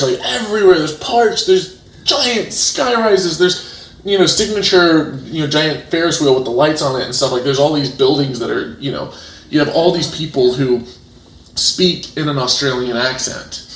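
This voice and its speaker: A man's voice: on the high side, measured pace. A man, a guest in a casual interview, telling stories with lots of fillers and restarts. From United States. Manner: animated storytelling, many restarts and fillers. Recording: roomy echo.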